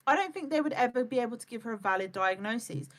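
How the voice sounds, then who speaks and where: Brief woman live streamer, fairly high voice, blunt and profane, lectures hard. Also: expressive, quick pace. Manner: blunt, swears a lot, lectures and mimics others. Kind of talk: heated live-stream chat.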